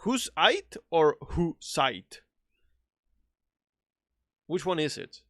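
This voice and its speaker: A man with a non-native English accent streaming a video game, chatting excitably, laughing and swearing often. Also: on the high side, drawn-out words, dry recording, clean studio sound. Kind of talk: casual live-stream chat.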